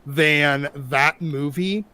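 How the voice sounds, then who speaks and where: A man's voice: a little high, extremely slow, pushed and bright, clean tone. A man from the Pittsburgh area ranting emphatically in a casual live-stream chat, with profane asides. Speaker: show regular, commentator.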